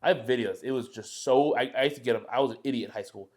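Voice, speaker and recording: A young man on a podcast, talking fast and loose. He rambles and swears freely, and he acts out the other people in his stories. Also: medium pitch, a little mellow. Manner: rambling and profane, acts out quoted voices. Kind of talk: casual chat, storytelling.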